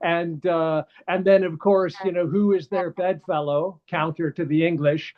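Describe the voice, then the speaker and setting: A man's voice: on the high side, fairly even intonation, measured pace. A middle-aged man with a Canadian accent, a guest comedian chatting casually in an interview, wandering through tangents with plenty of "uh" and "you know". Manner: rambling, digressive, heavy on fillers and trivia. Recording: dull lo-fi call audio.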